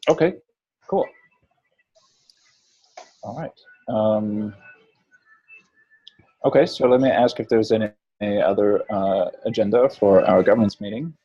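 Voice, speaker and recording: A man's voice: fairly low pitch, a little slow, pauses often, warm tone, slightly rough, no echo, dull audio. A man leading a meeting in casual talk, hesitant, with many fillers and hums. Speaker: meeting facilitator.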